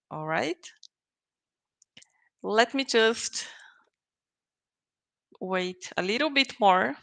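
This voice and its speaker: A woman whose first language is Portuguese gives a live online English grammar lesson. She speaks slowly and patiently, tagging her points with little check-ins, at a middle pitch. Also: bright, forceful tone, poor audio. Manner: slow, patient, checks in with "okay?" and "right?". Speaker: English teacher.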